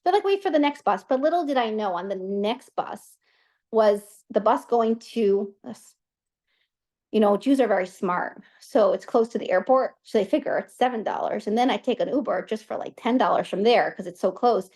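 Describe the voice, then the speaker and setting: A woman in her thirties, hosting an online class and telling a personal story in a lively, chatty way full of asides. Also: mid-range voice, moderate pace. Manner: animated, chatty, many fillers and asides. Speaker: class host.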